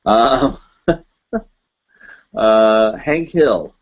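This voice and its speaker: A man's voice: on the low side, lively intonation, very slow, phone-quality sound. A man in his forties hosting a live stream in casual, rambling chat, chuckling often and mocking himself. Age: 40s.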